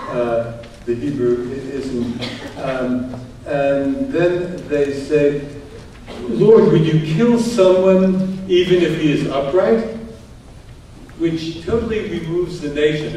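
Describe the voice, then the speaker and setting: A man talks slowly through a lecture, with a mellow, unhurried tone as he reads passages aloud and explains them while thinking aloud. His voice sits back from the microphone in a very echoey room, and faint noise hangs underneath. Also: medium pitch, recorded from a distance. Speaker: Bible translator giving a talk.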